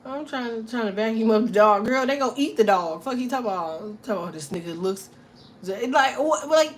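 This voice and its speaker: A woman hosting a casual tarot livestream, delivering a profane, animated comedic rant and laughing often. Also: a little high, fairly quick.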